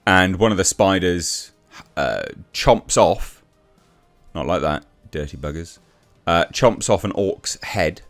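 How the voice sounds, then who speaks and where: A man ranting through a TV review in a blunt, exasperated way, tripping over restarts and swearing freely. His voice sits fairly low but swings widely in pitch, with faint music playing underneath. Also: animated, slow pace. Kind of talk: casual review rant.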